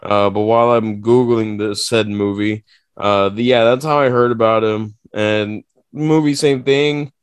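A man co-hosting a podcast in casual chat, swearing freely and telling stories with lively energy. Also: lowish voice, unhurried, smooth, no echo. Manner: profane, animated storytelling with mock voices. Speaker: podcast co-host.

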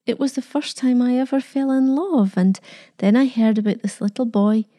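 A woman reading the lines of a quiet young bride who speaks plainly and sounds close to tears. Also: a little high, normal speed, voice pushed up, close to an everyday voice. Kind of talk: storybook reading.

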